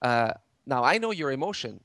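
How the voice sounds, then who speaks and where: A man's voice: mid-range voice, big pitch swings, moderate pace, fairly bright tone, dry recording. A middle-aged man, a game studio head in an interview, explaining game mechanics with many restarts and fillers.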